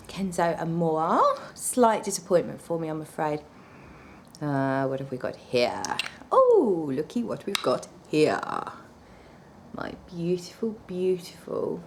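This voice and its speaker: A woman's voice: lowish voice, a little mellow, slight background noise. A woman reviewing perfumes in a casual vlog, chatty and gushing with blunt, apologetic asides.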